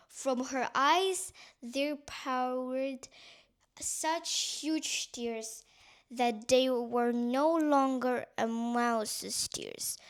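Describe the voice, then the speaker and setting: A woman narrating a bedtime story in a soft, soothing way. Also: high voice. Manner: soft, slow, soothing reading.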